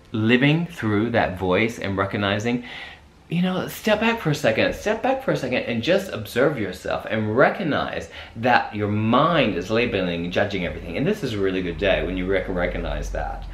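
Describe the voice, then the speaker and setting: Rambling low-voiced man in echoey room. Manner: rambling, searching, many restarts. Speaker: host. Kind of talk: reflective spiritual talk.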